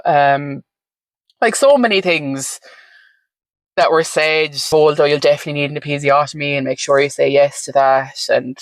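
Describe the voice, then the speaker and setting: A woman's voice: low voice, normal speed, no room sound. A woman talking candidly as an interview guest, frank and chatty with lots of fillers and the odd swear word. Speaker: podcast guest.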